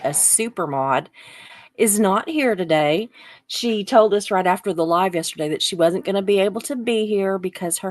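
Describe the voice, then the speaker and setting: A woman's voice: on the low side, no echo. A woman, probably in her fifties, hosting a casual live stream, chatting and rambling with viewers and laughing often.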